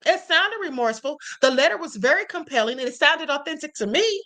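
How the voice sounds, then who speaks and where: Female live-stream host, high bright voice, emphatic, speaks directly to her chat. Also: lively intonation, brisk.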